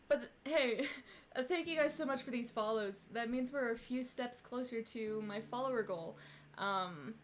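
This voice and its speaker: A woman's voice: a little high, slight background noise. A young woman chatting casually on a live stream before reading fan fiction, giggly and full of fillers and restarts, on a cheap streaming mic. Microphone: cheap streaming mic on a laptop.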